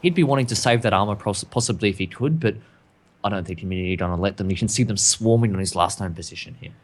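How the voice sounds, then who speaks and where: A man's voice: on the low side, fast talker. A man casting an esports match in a chatty, self-deprecating way. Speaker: esports caster. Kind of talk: esports commentary.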